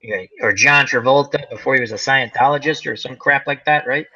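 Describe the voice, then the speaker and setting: A man's voice: medium pitch, a little fast, bright, forceful tone, lo-fi sound. A man in his forties hosting a casual chat, telling stories animatedly and acting out voices. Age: 40s. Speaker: host.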